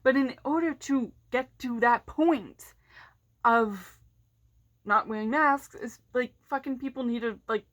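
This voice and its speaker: A woman's voice: on the high side, measured pace, a bit bright, dull audio. Blunt, swearing woman ranting. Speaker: vlogger. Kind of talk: casual ranting vlog.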